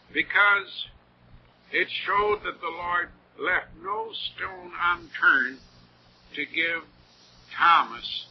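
A man's voice: fairly high pitch, husky. A man preaching a sermon in an earnest, heartfelt way, with rising emphasis on key words. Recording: dull lo-fi old recording with faint noise.

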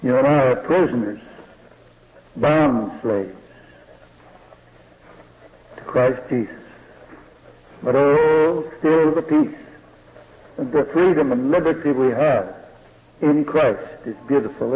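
A man preaching a sermon slowly and deliberately, often asking the listeners rhetorical questions. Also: medium pitch. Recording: dull lo-fi recording in a reverberant hall.

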